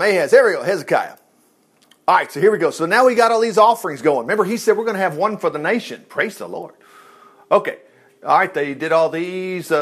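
A high-pitched male preacher teaching through scripture in a lively, conversational way. He rambles into chatty asides while hunting for verses, then bursts out with praise. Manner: exclaims "praise the Lord". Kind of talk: Bible teaching sermon.

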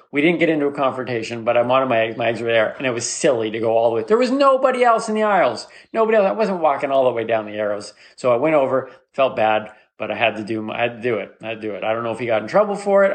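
A man hosting a comedy podcast, telling a rambling story in an animated, mock-rallying way, jumping into a squeaky high voice for the people he quotes. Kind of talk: solo comedic monologue.

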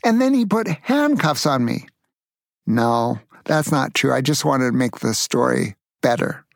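Older man, grandpa storyteller, playful, asks listeners questions, gravelly, dry close sound. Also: medium pitch, expressive, unhurried, no echo. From Tacoma, Washington, USA.

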